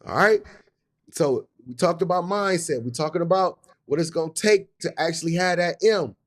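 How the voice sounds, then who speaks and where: A man's voice: fairly high pitch, normal speed. A man hosting a live business stream, talking in a hyped, repetitive way with casual slang. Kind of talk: motivational live talk.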